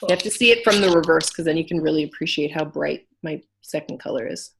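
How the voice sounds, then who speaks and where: A woman's voice: deep voice, fast talker, creaky, fairly bright tone, a little hiss or hum. A woman co-hosting a podcast, chatting casually and rambling with many fillers. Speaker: podcast co-host. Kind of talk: casual chat about knitting.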